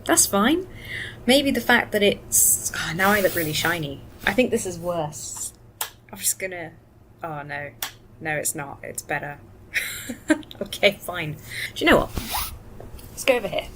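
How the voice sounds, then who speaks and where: A tired woman vlogging casually from a hotel room into a laptop webcam, rambling and soft-spoken, sometimes drifting into whispers. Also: lively intonation, a little slow, pauses often. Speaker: vlogger and actor. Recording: noisy low-quality webcam audio.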